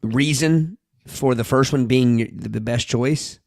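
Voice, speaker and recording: A man of medium pitch co-hosting a casual podcast, reasoning through each question aloud. The sound is dry and close to the mic. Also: slow pace, creaky, darkish tone, no echo. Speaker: podcast co-host. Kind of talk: casual chat.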